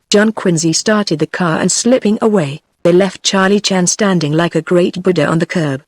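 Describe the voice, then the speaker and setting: A text-to-speech woman's voice with a British accent reading a novel aloud in an even, unhurried way. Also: lowish voice, dry recording. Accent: British English. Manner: even, unhurried synthetic delivery. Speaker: audiobook narrator.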